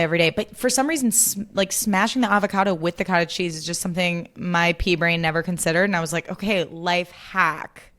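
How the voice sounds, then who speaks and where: A woman's voice: on the low side, fairly bright tone. A young adult woman hosting a casual solo podcast, bubbly and chatty, peppering her talk with "like" and swearing freely. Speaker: podcast host.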